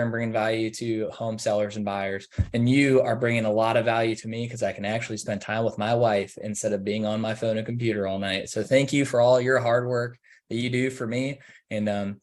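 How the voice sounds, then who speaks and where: A man's voice: medium pitch, darkish tone. A man, a realtor presenting on a webinar, talking in a friendly, grateful way with lots of ums. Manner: friendly, grateful, filler-heavy. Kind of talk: casual webinar wrap-up.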